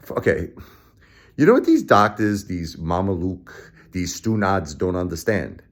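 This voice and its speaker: A middle-aged man talking straight to the camera, profane and emphatic, his voice swinging between low muttering and high shouting. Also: lively intonation, measured pace. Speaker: vlogger. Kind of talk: angry personal vlog rant.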